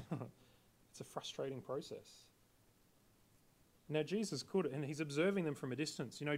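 Conversational male preacher. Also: medium pitch. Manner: conversational, asks the congregation questions. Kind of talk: sermon.

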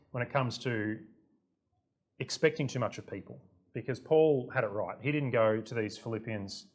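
A man preaching a sermon to his congregation, chatty and self-deprecating, often stepping into the voices of the people in his stories. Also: lowish voice. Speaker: pastor.

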